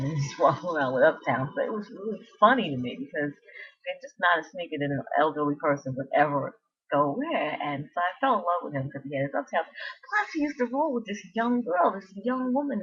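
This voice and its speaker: A woman vlogger with a lowish, fairly bright voice talks expressively and fairly quickly, with a little hiss or hum present. She rambles casually through a meandering story of asides and restarts on a dull lo-fi recording.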